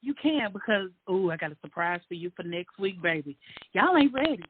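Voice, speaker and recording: A woman's voice: medium pitch, lively intonation, fairly quick. A woman co-hosting a casual talk show, playful and teasing as she welcomes a guest. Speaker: co-host. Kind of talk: casual chat. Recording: tinny phone-line sound with noise.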